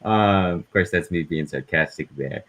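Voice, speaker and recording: A man's voice: deep voice, moderate pace, a bit bright. A man hosting a casual interview, asking long, winding questions. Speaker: host.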